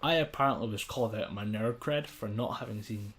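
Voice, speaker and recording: A man's voice: lowish voice, brisk, a bit bright. Sweary young man joking on a podcast. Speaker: podcast co-host. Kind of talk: casual chat.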